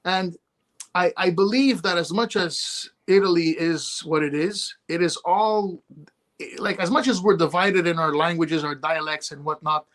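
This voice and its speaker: A man's voice: a little high, a little slow, a bit bright. A man from Canada talking as a podcast guest in casual chat, often repeating words while he searches for phrases.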